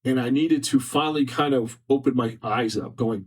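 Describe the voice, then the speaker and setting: A man's voice: mid-range voice, moderate pace, hardly any pauses, darkish tone, slightly rough. A man on a podcast, sharing a personal story in an earnest, repetitive, emotional way. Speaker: podcast guest. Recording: distant mic from faulty setup.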